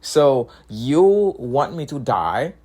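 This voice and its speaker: A man's voice: medium pitch, very animated, extremely slow, a little mellow. Heated man with a non-native accent. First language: not English. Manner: heated, repetitive, laughs between points. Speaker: commentator. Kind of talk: casual opinion monologue.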